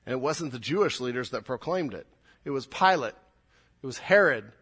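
A man's voice: mid-range voice, expressive, a little fast, fairly bright tone, husky. A pastor preaching a sermon to his congregation. He is earnest and emphatic, and he repeats words as he builds his points.

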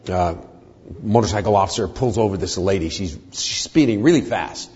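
An older man speaking as a guest in church, a folksy storyteller who jokes between serious points, with a husky voice. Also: fairly low pitch, darkish tone. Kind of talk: church talk with humor. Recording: muffled church hall reverb.

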